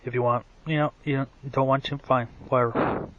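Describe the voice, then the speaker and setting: A man's voice: mid-range voice, steady tone, normal speed, narrow, tinny audio. A man ranting in a rambling, profane monologue, full of fillers and restarts, who says his own voice is bad. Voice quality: self-described bad voice. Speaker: wrestling commentary vlogger.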